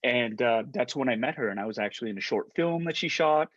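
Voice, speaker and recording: A man in his forties, an actor, telling an anecdote in excitable, casual talk with many restarts, heard through a dull lo-fi stream. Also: medium pitch, quick pace. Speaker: actor guest on a panel.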